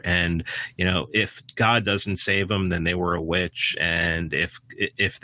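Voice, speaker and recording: A man talks as a podcast guest in a rambling, casual way. He restarts his sentences and leans on filler phrases, and his pitch jumps suddenly when he gets animated. His voice sits fairly low with a forceful, bright edge, recorded dry and close. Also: slow pace, no echo. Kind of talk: casual conversation.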